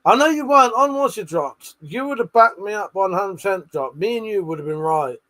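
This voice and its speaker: High, lively, swearing man. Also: a little fast. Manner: swears a lot, laughs often, bantering. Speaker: livestream host. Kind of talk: casual late-night livestream chat with viewers.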